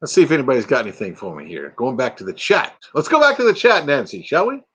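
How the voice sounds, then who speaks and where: A man's voice: medium pitch, wildly swooping pitch, quick pace, a bit bright, slightly rough. An older man from Texas with a Texan accent, hosting a casual live chat and joking around with silly bits. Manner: jokey, slips into silly bits and voices. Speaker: livestream host.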